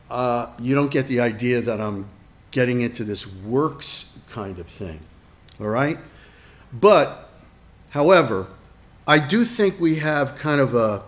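Slow-paced, chatty male preacher. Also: medium pitch. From Italian heritage. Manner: conversational, asks the congregation questions, self-deprecating asides. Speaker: pastor. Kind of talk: sermon.

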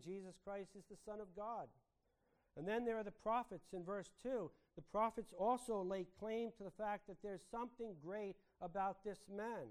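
A man with a notably high voice delivers a sermon. He speaks earnestly, often turning to the congregation with rhetorical questions. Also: darkish tone, clear, resonant tone, low-quality recording. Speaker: preacher.

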